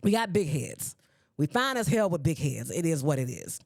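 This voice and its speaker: A woman in her forties hosting a podcast, ranting at her listeners in a sassy, animated way. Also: low-pitched, normal speed, vocal fry, no room sound, studio quality. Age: 40s. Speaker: podcast host. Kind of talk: solo podcast commentary. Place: podcast recording space.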